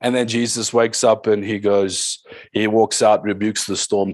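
A man's voice: lowish voice, level tone, normal speed, no room sound. A man preaching a sermon as pastor, with emphatic calls to the congregation and short passages in tongues.

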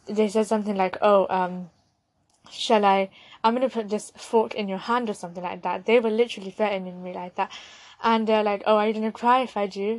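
Young brit woman chatting candidly into the mic, dry close sound, mid pitch. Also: no echo. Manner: candid, conversational, with fillers and restarts. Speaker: podcast host. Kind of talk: personal storytelling.

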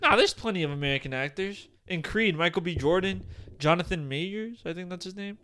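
A young man co-hosting a casual podcast, talking in an animated, emphatic way and swearing often. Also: high-pitched, brisk, slight background noise. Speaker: podcast co-host.

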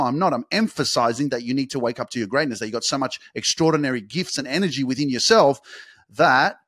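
A young man hosting a motivational podcast, talking straight to his listeners and swearing freely. He builds from plain talk to loud, fast, emphatic peaks. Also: mid-range voice, no echo, studio quality. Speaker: podcast host.

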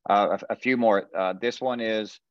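A man with a very deep voice reads out questions over a video call, often pausing with fillers. The audio is dry and a bit dull, like a lo-fi call. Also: steady tone, no room sound. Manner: hesitant, many fillers and restarts. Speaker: interview host. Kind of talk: reading listener questions.

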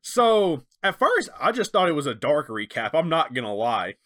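A man co-hosting a casual chat recaps the action with lots of energy. His voice is bright and fairly high, and it swings widely in pitch as he acts out quotes. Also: big pitch swings, normal speed. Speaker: podcast co-host.

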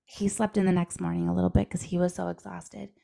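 A woman's voice: lowish voice, level tone, quick pace, gravelly, mellow. A woman co-hosting a podcast, telling a family story in casual chat, full of "like" fillers. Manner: chatty storyteller, many "like" fillers. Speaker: podcast co-host.

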